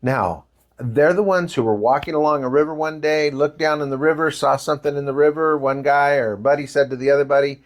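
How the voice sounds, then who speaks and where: A man's voice: a little high, a little fast. An older man giving a talk to parents, telling stories with acted-out quotes and asking the audience questions. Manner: animated storytelling with acted quotes. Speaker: presenter.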